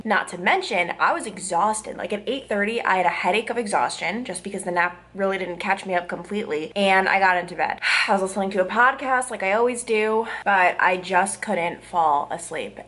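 A young woman in her twenties, a news reporter, talking casually and expressively to the camera in a vlog. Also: lowish voice. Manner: chatty and expressive, with fillers like "like".

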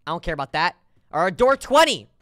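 Excitable high-voiced male streamer. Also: fast talker. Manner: excitable, joking, teasing the chat, sudden shouts. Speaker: game streamer. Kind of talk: live gameplay stream chat.

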